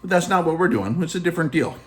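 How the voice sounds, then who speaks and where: A man voicing a calm, honest old priest who explains things plainly and matter-of-factly. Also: a little high, fast talker, lightly acted. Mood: calm explaining. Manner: calm, unbothered and matter-of-fact.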